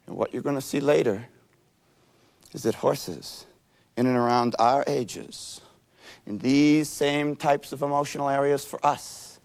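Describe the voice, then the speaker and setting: A man's voice: mid-range voice, normal speed. A man giving a self-help seminar lecture in a folksy, playful storytelling manner. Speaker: seminar speaker.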